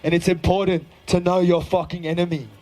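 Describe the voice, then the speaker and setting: A man's voice: high voice, level tone, a little fast, a little mellow, faint music behind, poor audio. A young man fronting a band, giving a fiery, profane political speech from a live stage between songs.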